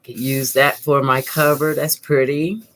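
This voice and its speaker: A woman's voice: a bass voice, little pitch movement, a little slow. A middle-aged woman, hosting a live craft tutorial and chatting with viewers in an upbeat way as she works at her desk. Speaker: art teacher, channel host. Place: home craft desk, indoors.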